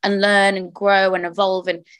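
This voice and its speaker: A woman's voice: mid-range voice, flat delivery, normal speed, a bit bright, smooth, dry recording. A woman, a musical theatre actress, chatting enthusiastically as a guest in an interview, often restarting her sentences. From England. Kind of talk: casual interview chat.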